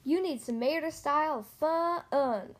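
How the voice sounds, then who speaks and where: A folksy, playful cartoon tow truck with an easygoing country drawl, as a woman reading a storybook puts him on. The voice sits fairly high and stays light and teasing. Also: slow pace.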